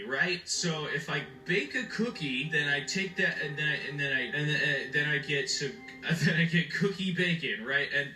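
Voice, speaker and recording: A young American man rambles through silly gameplay commentary with lively, swooping intonation and a bright, sharp tone. He sounds excitable and self-mocking, and he talks from a little off the mic in a roomy space with game music underneath. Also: a little high, recorded from a distance. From United States. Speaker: gaming YouTuber.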